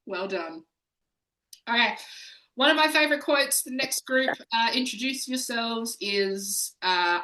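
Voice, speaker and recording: A woman hosting an online games night, chatty and excitable. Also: on the high side, unhurried, low-quality recording. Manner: excitable, chatty, laughs often. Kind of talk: casual hosting.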